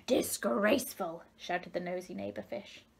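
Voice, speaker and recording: A woman, an educational consultant, reading a children's picture book aloud with expressive, measured storytelling. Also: medium pitch, creaky, slightly rough.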